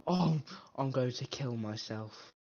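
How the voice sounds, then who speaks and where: A young man playing a game with a friend on a voice call, excitable and yelling at what happens on screen. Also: medium pitch, takes it slowly, dull audio, noisy background. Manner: excitable, shouts at game events. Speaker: co-streamer. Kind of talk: casual gaming chat on a voice call.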